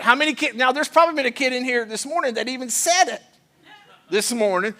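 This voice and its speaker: A pastor preaching a playful sermon and leading the congregation in call-and-response. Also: male voice, very high voice, lively intonation, fairly quick, pushed and bright. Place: church sanctuary.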